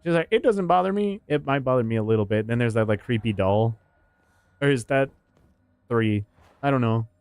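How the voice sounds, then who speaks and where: A man's voice: medium pitch, normal speed, pauses often, a little mellow, clear, resonant tone, no echo. A man streaming a horror game, chatting casually with viewers, swearing and laughing often and jumping into silly voices. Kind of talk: casual gaming stream chat.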